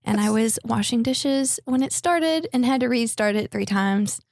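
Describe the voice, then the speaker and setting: Woman on a podcast, quick banter, dry close mic. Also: on the high side, animated, darkish tone, dry recording. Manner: quick banter, plain storytelling. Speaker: regular contributor. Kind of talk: casual chat.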